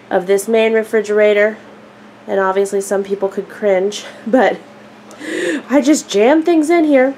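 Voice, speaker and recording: A woman's voice: fairly high pitch, a little hiss or hum. A woman casually narrating a family vlog, chatty and upbeat with frequent fillers. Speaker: vlogger, mother of a large family.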